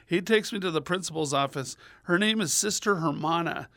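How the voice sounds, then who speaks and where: A man telling a funny story as a guest on a radio show, lively and animated, acting out other people's voices with big jumps in pitch. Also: brisk, no echo.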